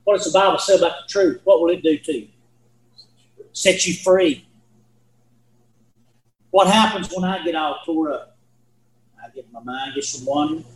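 A man's voice: fairly high pitch, moderate pace, pauses often, roomy sound, low-quality recording. A man teaching a Bible lesson in a folksy, earnest way, repeating himself and asking his listeners questions. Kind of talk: sermon.

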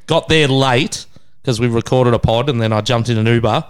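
A man's voice: mid-range voice, normal speed, clean tone. A man in his thirties with an Australian accent, co-hosting a casual podcast, crude and laughing, acting out the people in his stories. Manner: crude, laughing storyteller who acts out quoted voices. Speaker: podcast co-host.

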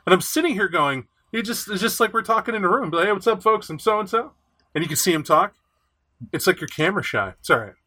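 Man hosting a chatty podcast, bright voice, lots of energy, reads from a rulebook. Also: high-pitched, expressive, quick pace, breathy edge. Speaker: podcast host. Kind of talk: casual podcast chat.

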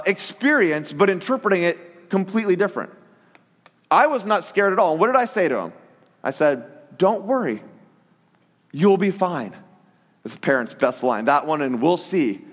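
A pastor with a high voice delivers a sermon in an echoing hall. He speaks conversationally, telling stories with animation and acting out the quotes.

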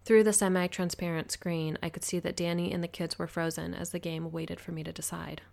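Woman, audiobook narrator, first-person story, measured delivery, lowish voice, gravelly. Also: level tone, a little mellow.

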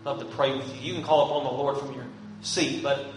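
A man's voice: medium pitch, little pitch movement, brisk, distant mic. Male pastor, earnest and pleading, heard from afar in a reverberant sanctuary with faint background hum. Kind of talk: sermon. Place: church sanctuary. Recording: echoey church room from afar, faint hum.

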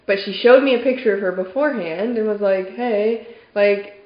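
A woman's voice: medium pitch, moderate pace. A young woman telling a story in a casual group chat, acting out what people said and filling her talk with "like". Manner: animated storyteller, acts out quotes, many "like"s. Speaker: dog trainer on team podcast. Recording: echoey room, dull lo-fi sound.

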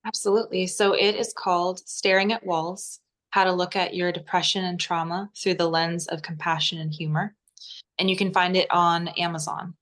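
A woman author as an interview guest, speaking gently and reassuringly, pausing with fillers. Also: fairly low pitch, steady tone. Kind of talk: interview answers.

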